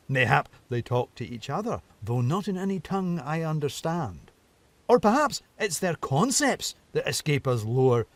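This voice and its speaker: A man's voice: on the high side, no echo, pitched above the performer's own voice, full character voice. Brief: a man playing a wordy storybook fox, lilting and raised, dry close sound. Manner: wordy, meandering, playful. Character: whimsical, rambling old male fox poet.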